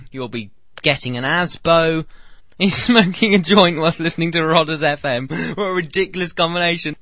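A man's voice: bright, forceful tone, no room sound. A man hosting a comedy radio show, rambling through a mocking story and slipping into silly voices. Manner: mocking, breaks into silly high put-on voices.

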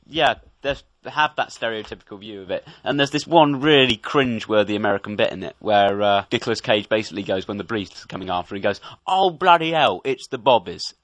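A man's voice: on the low side, a bit bright, no echo. Wry young man reviewing a film. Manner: chatty, wry, laughs easily. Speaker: co-host. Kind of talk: casual podcast film review.

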